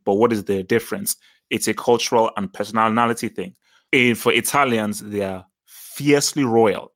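A man's voice: fairly low pitch, fairly bright tone. A man in casual football chat, thinking aloud and often stammering and restarting as he works through names. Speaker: podcast co-host.

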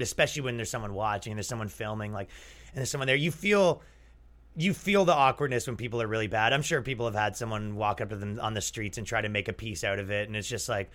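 A man's voice: mid-range voice, a bit bright. A young man hosting a comedy podcast, chatting loosely and jokingly, slipping into exaggerated mock voices. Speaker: podcast host. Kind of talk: casual comedic podcast riffing.

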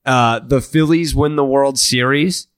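A man weighs in on baseball during a casual podcast, talking in a conversational, profane and analytical way. His voice sits at an average pitch. The recording is dry. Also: a little slow, a bit bright, clear, resonant tone, dry recording. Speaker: podcast co-host. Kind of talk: casual sports chat.

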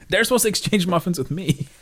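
A man's voice: high voice, lively intonation, brisk, a bit bright, a little hiss or hum. A man from Florida co-hosting a podcast, telling stories in a casual chat and laughing often. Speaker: podcast co-host.

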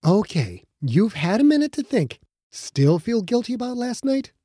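A man voicing a caring, teasing young woman in an audiobook, gentle and coaxing. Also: high-pitched, big pitch swings, moderate pace, no echo, clean studio sound, pitched above the performer's own voice. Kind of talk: audiobook narration.

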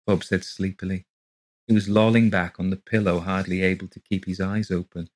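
A man narrating a ghost story for a podcast in a steady, measured way. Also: deep voice, poor audio. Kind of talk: scripted ghost story reading.

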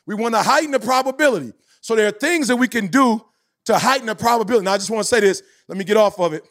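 Brief: man in his 40s, high-pitched motivational speaker, podcast talk with a preaching, emphatic cadence. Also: racing, a bit bright.

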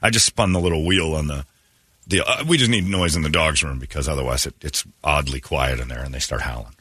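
A man hosting a morning radio show, chatting casually and ranting in a mocking, animated way, often laughing. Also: very deep voice, fast talker, husky. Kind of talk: casual on-air banter.

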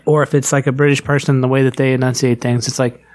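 A man's voice: mid-range voice, flat delivery, quick pace, darkish tone. A man co-hosting a casual podcast chat, ranting emphatically and swearing freely. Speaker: podcast co-host.

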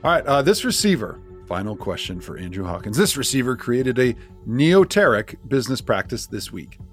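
A man's voice: medium pitch, sing-song, moderate pace, soft background music. A man co-hosting a sports podcast, chatting casually and laughing often while he runs a vocabulary quiz. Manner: playful, laughs often, reads quiz questions. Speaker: podcast co-host. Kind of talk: casual chat.

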